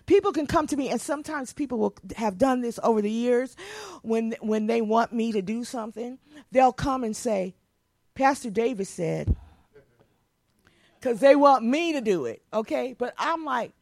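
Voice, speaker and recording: A woman's voice: fairly high pitch, animated, normal speed, a little mellow, no room sound. A woman pastor preaching a sermon in a folksy, emphatic way.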